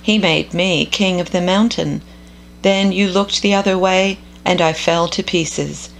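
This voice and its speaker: A woman reading scripture aloud in a measured, contemplative devotional style. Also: on the low side, creaky, slight background noise, poor audio. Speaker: scripture reader.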